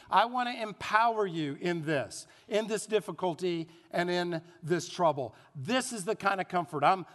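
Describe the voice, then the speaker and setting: A man preaching a sermon as pastor, animated, asking the congregation questions and having them repeat phrases. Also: sits high. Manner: animated preaching with rhetorical questions and call-and-response. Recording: long hall reverb.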